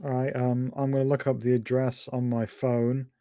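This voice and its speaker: Hesitant player on a dry mic. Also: male voice, medium pitch, flat delivery, moderate pace, warm tone, no echo. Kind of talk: playing a tabletop game.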